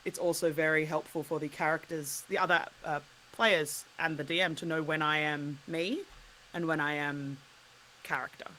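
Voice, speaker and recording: A woman with an Australian accent, chatting casually as a podcast guest in an animated way and laughing often. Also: low-pitched, normal speed, a little hiss or hum, low-quality recording. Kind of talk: casual chat.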